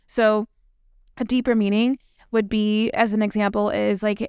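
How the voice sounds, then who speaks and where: A woman hosts her own podcast and talks through her reflections in a loose, chatty way, dotted with fillers. Her voice is very clear and smooth, recorded close and dry with no room sound. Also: mid-range voice, level tone, normal speed, a little mellow, no room sound. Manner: chatty, with frequent likes and ums. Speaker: podcast host. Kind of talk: solo reflective podcast talk.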